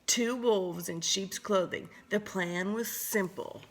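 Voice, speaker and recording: A woman teacher reading a picture book aloud to children, with expressive, animated storytelling. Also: mid-range voice, slow, few pauses.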